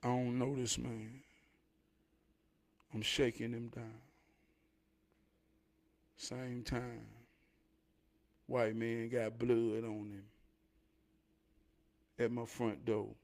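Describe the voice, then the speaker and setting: A man casually telling a personal story to the camera in a slow, emphatic, conversational way. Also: mid-range voice, level tone, darkish tone. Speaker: vlogger.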